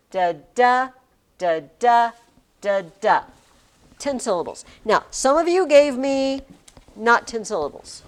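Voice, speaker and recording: A woman teacher talking to her class in a chatty, rambling way, often breaking off mid-sentence. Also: mid-range voice. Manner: chatty, rambling, self-interrupting.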